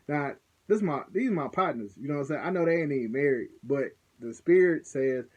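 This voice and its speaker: A man's voice: mid-range voice, animated, fairly quick, hardly any pauses, darkish tone. A young man with a mid-range voice tells a personal story in a loose, conversational way. He rambles a little and keeps checking in with the listener as he goes. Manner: loose and conversational, peppered with "you know what I'm saying". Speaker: vlogger recounting a ceremony. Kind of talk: casual storytelling.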